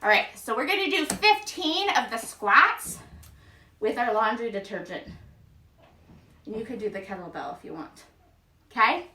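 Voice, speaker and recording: High-voiced, bright woman leading a home workout. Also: expressive, normal speed, long pauses, slight background noise. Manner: chatty and upbeat, counting reps aloud. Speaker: home workout vlogger and mom. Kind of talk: casual exercise instruction. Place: room at home. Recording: echoey room, voice heard from a distance.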